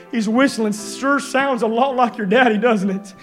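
A soft, wondering wartime mother, told by a man preacher. The voice stays high with faint music behind. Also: a little slow.

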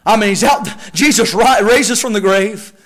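A man preaching a sermon at a church service, reading scripture in a slow, stretched cadence and building to emphatic shouts before dropping low again. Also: poor audio. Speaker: pastor.

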